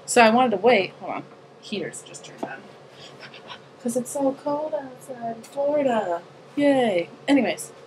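A woman's voice: a little high, a little mellow, slight background noise, poor audio. A young woman recording a video diary at home at night, talking to her partner in a chatty, giggly and affectionate way. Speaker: vlogger.

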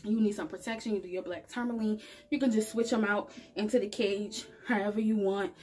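A woman vlogging about spirituality speaks to camera in a casual, earnest and chatty motivational way, addressing viewers directly. Her medium-pitched, darkish voice is steady and fairly quick. Soft music plays in the background.

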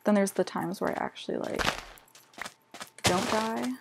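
A young woman talks her way through a game in loose, chatty commentary, teasing herself and leaning on filler words. Her voice has a slightly gravelly edge at a mid pitch. The home recording carries clear background noise. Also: fairly even intonation, measured pace. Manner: chatty, self-mocking, lots of fillers like "like" and "literally". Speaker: gaming vlogger. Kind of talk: casual gameplay commentary.

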